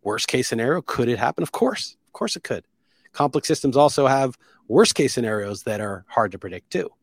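A man's voice: mid-range voice, sing-song, fairly quick, no room sound. A man hosting a solo podcast, talking in an opinionated, sarcastic, rambling way with many restarts. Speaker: podcast host.

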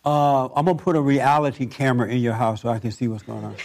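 A man's voice: medium pitch, quick pace, gravelly, hardly any pauses, a little mellow. A man counseling a guest, asking probing questions, repeating her answers back and now and then joking. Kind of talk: probing one-on-one conversation.

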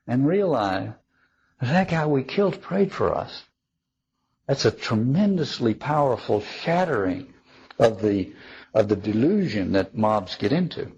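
A man's voice: mid-range voice, a little mellow, highs cut off, a little hiss or hum. A man giving a reflective spoken talk on theology, thoughtful and wry, often restarting his sentences. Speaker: speaker on theology.

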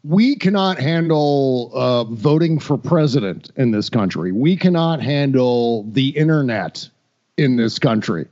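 A man's voice: medium pitch, darkish tone, dull audio. A man talking as a podcast guest in casual political chat, wry and rambling, often restarting and laughing.

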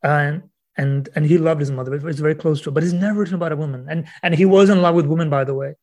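A man, a guest author on a podcast interview, explaining poetry earnestly and reading verse aloud slowly, often repeating words as he thinks. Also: a little high, darkish tone.

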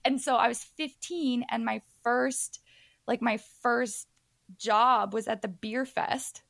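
Woman, podcast guest, chatty storyteller, gravelly fry, dry close sound. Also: fairly high pitch, fairly even intonation, measured pace, dry recording. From Ontario, Canada. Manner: chatty, heavy use of "like", acts out quoted voices. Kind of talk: casual storytelling.

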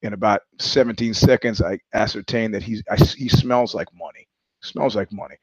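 A low-pitched man hosts a podcast in a rambling storytelling monologue, cursing casually and laughing mid-sentence. The audio is dry and close, with a dull, lo-fi tone. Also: normal speed, breathy edge, no room sound. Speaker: podcast host.

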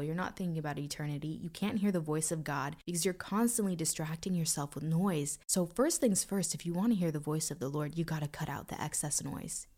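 A woman hosting a devotional podcast, teaching in an earnest, softly emphatic, unhurried way. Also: deep voice. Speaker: podcast host.

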